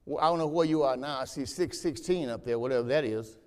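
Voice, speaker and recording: A man pastor preaching a sermon, moving from conversational teaching to loud, rising exhortation in a church sanctuary. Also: mid-range voice, quick pace, smooth, long reverb tail.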